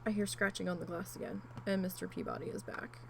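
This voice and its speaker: A woman vlogger telling a rambling, animated story in a casual chat while she crafts, with asides and mild swearing. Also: on the low side, fast, vocal fry, slight background noise, low-quality recording.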